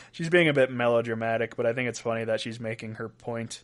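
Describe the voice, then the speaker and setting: A man's voice: mid-range voice, moderate pace. A young adult man hosting a casual weird-news podcast, reading quotes aloud and chuckling between stories. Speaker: podcast host.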